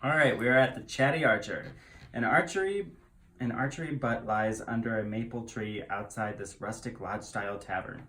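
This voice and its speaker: A man's voice: on the low side, a bit bright, slight background noise. Playful man at a tabletop game. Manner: playful, joking. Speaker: player.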